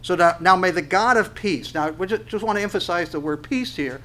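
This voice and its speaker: Fairly high-voiced man preaching a sermon. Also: a little fast, fairly bright tone, slight background noise. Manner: preaching with rising emphasis, rhetorical questions, frequent restarts. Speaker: pastor. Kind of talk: expository sermon.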